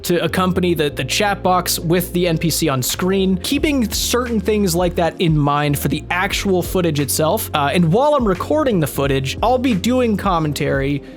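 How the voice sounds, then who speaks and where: Relaxed gaming creator, slightly high voice. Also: male voice, moderate pace, faint music behind. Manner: relaxed, swears freely. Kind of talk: casual Q&A chat.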